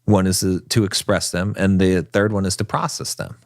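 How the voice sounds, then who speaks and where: A man's voice: low-pitched, fairly even intonation, moderate pace, gravelly, a little mellow, no echo, clean studio sound. A man co-hosting a podcast, explaining his views in a lecturing way, with dramatic put-on voices for quotes. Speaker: podcast co-host. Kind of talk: casual podcast discussion.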